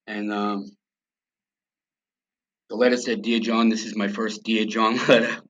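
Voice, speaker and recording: A man's voice: lowish voice, flat delivery, measured pace, fairly bright tone, poor audio. A man from the United States, a podcast guest telling a story in blunt, profane, conversational style and acting out quoted dialogue.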